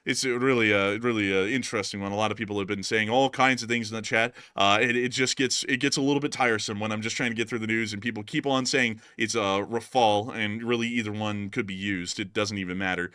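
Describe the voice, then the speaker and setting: A man's voice: lowish voice, fairly even intonation, fast, hardly any pauses, bright, forceful tone, clear, resonant tone, no room sound, clean studio sound. An American man hosting a live war-news stream, talking to viewers with plenty of filler words. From United States. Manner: talkative, many filler "uh"s, addresses viewers as folks. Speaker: war news show host.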